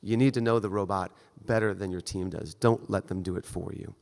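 A man's voice: sits low, fairly even intonation, fairly quick, gravelly, a little mellow. A male surgeon giving a conference lecture in a direct, conversational way. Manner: conversational, direct, acts out brief exchanges. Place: lecture hall. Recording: long reverb of a lecture hall.

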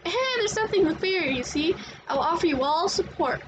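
A woman's voice: very high-pitched, animated, brisk, noisy background. Woman doing a giggly creepy doll. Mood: cheery. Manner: giggles often, sing-song and teasing. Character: creepy giggling female doll, sly and gleeful. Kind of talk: amateur fan voice dub.

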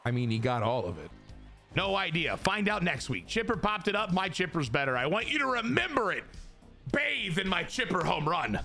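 A young man talks to his chat while playing a baseball video game, his voice sitting a little high and jumping between crude joking rants and bursts of hype. He sounds like a casual streamer, and faint music plays underneath him. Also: very animated, brisk, gravelly, bright, forceful tone. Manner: crude, self-mocking humor. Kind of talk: casual gameplay commentary to chat.

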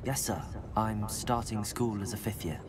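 A man's voice: on the low side, normal speed, natural voice. An actor playing a polite young male wizard student, giving plain replies.

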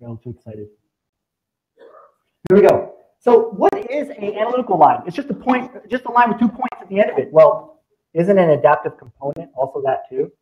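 Man, live software demo, excitable, sound effects, fairly high voice, muffled lo-fi sound. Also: normal speed, pauses often. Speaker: presenter. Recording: dull lo-fi presentation recording.

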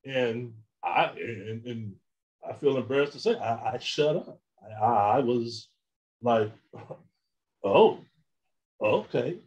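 A man giving a candid personal account as a guest in a discussion. He talks haltingly and often repeats words while he searches for them. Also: mid-range voice, darkish tone, dull audio. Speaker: guest recounting experiences.

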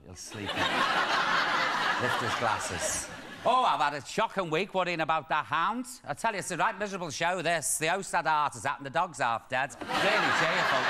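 Camp Liverpool TV host, fifties, slightly high voice, loud studio crowd and noise. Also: male voice. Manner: camp, quick asides, laughing at himself. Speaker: chat show host. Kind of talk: camp comic chat to a studio audience. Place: TV studio with live audience.

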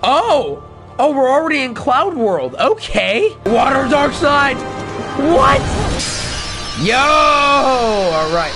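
A high-voiced woman gushes through her game stream, her pitch leaping all over as she laughs and exclaims. She draws out her words, and game music plays clearly behind her. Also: slow pace. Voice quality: high, lively voice that jumps into shouts and laughs. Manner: gushing and giddy, laughing at herself. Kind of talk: excited gameplay commentary.

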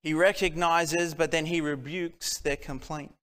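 High-voiced man preaching in a church hall. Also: steady tone, unhurried, fairly bright tone. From Australia. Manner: earnest, rhetorical questions, rising emphasis. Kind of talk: sermon. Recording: church hall with long reverb.

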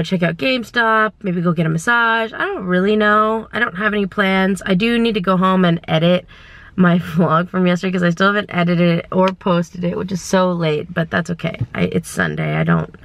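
A young woman, vlogging casually from her car and around stores, rambling and indecisive, getting excited as she talks. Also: fairly low pitch, vocal fry, no room sound. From California. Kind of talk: casual vlog chat.

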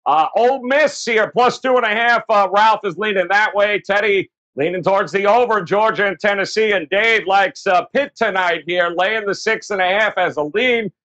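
A man hosting a sports betting show, upbeat and pitching the website between picks. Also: normal speed, hardly any pauses, sharp tone, dull audio. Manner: upbeat, plugs the website often. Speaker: show host.

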